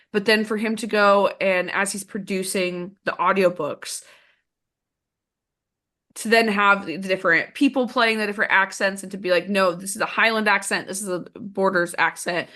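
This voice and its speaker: A woman's voice: medium pitch, pushed and bright. A woman co-hosting a book podcast, chatting enthusiastically and rambling with fillers. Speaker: podcast co-host. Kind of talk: casual book chat.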